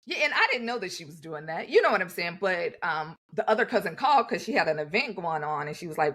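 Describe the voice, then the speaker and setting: A woman's voice: lowish voice, quick pace, few pauses. A woman co-hosting a podcast, talking candidly and acting out what others said to her. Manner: animated, acts out others' remarks in quotes. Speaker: podcast co-host. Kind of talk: candid conversational storytelling.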